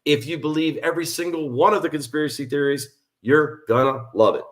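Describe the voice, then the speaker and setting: A man's voice: fairly high pitch, fairly quick. A man, an actor and musician, chatting playfully as a podcast guest. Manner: playful, animated storyteller. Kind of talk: casual podcast interview.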